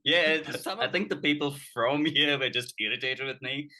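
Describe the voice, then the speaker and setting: A man's voice: mid-range voice, normal speed, sharp tone. A man from India with an Indian English accent close to British, co-hosting a podcast and laughing often as he tells stories. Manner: laughs often while recounting. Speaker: podcast co-host. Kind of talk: casual chat.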